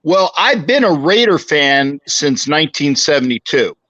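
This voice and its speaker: A man's voice: on the high side, sing-song, a little slow, bright, forceful tone, dry recording. A man in his sixties, a guest chatting casually and humbly, talking into his phone. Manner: humble, chatty, self-deprecating. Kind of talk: casual interview chat. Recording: muffled phone audio.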